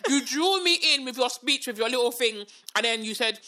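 A woman's voice: on the high side, fairly quick. A woman, telling a story in casual chat and acting out the quotes. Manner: animated, acts out quotes, laughs often. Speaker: podcast co-host.

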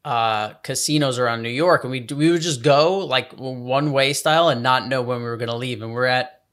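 A man's voice: medium pitch, brisk, a bit bright. A young man telling a rambling, swear-filled story in casual chat. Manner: rambling anecdote, swearing, laughs often.

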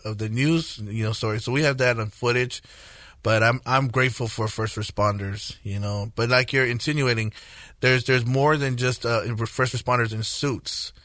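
A man in his forties, a guest minister, telling his testimony in a radio interview, earnest and halting, with many fillers and restarts. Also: medium pitch, pushed and bright, dry recording, clean studio sound. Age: 40s.

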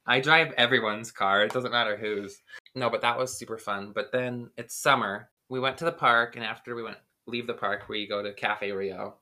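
A man co-hosting a casual podcast tells a long, rambling story full of fillers. His voice is bright and forward, sitting at an ordinary middle pitch. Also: moderate pace. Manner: rambling, filler-heavy, animated retelling. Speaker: podcast co-host.

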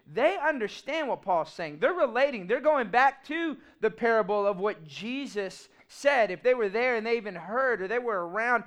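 A man, preaching a sermon in an animated, humorous and emphatic way. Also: very high-pitched. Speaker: pastor.

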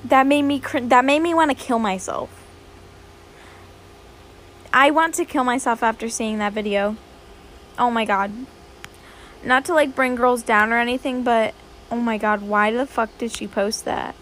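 A woman's voice: fairly high pitch, fairly even intonation, measured pace, pauses often, fairly bright tone, slight background noise. A young woman hosting her own podcast, rambling and swearing a lot in a dramatic, casual chat. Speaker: podcast host.

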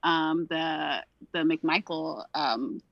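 A woman who is a former prosecutor, a guest on a podcast, telling animated stories and quoting people in lively voices. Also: sits low, drawn-out words, gravelly, dry recording. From Brooklyn, New York. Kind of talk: casual podcast conversation. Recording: dull, dry podcast audio.

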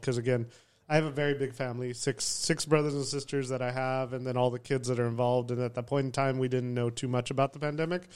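A man recalling a family memory in casual group chat, measured and reflective. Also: medium pitch, a little mellow, clean tone. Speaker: podcast guest, father.

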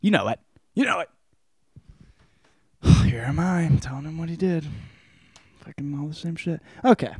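A man's voice: fairly high pitch, expressive, moderate pace, mellow, husky, no room sound. A man hosting a podcast, giving a casual spoken book report in a rambling, joking way with lots of swearing. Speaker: podcast host.

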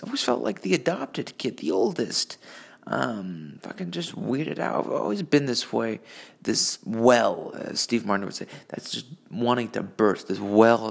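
Man, rambling profane rant, gravelly voice, swings up and down in pitch, phone mic. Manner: profane, rambling, self-interrupting. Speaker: vlogger.

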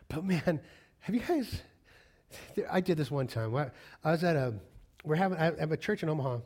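A man preaching a sermon, speaking conversationally and moving between soft, hushed passages and raised, emphatic lines. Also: on the high side, animated, normal speed, long pauses. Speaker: pastor.

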